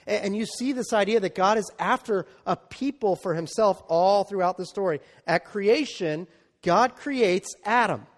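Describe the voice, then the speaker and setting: A pastor with a distinctly high voice delivers a sermon at a moderate pace, speaking loosely and conversationally and often tossing in asides like "right?" and "okay?" to check in with the congregation. A long reverb suggests a large church hall.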